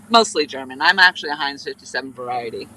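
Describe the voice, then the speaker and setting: A woman's voice: rumbling low, lively intonation, fast talker, pushed and bright, a little hiss or hum, poor audio. A woman from New Hampshire hosting a casual live stream while fishing, rambling through stories and greeting viewers by name. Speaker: livestream host. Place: outdoors on a riverbank, fishing.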